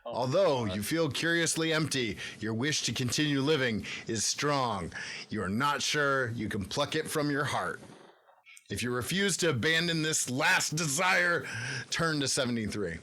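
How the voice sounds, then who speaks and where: A man's voice: mid-range voice, animated, measured pace, pushed and bright. A man hosting a podcast, reading a choose-your-own-adventure book aloud with theatrical storytelling. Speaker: podcast host.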